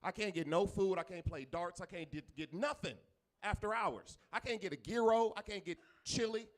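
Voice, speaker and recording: A man's voice: high voice, moderate pace. A man doing a stand-up comedy set on a club stage, rambling and griping with plenty of profanity.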